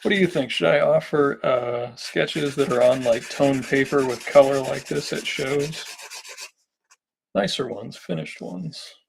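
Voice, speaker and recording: A man streaming a live drawing session, slightly hoarse and talking casually, thinking aloud with lots of fillers and restarts. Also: mid-range voice, a little slow, slight background noise, low-quality recording.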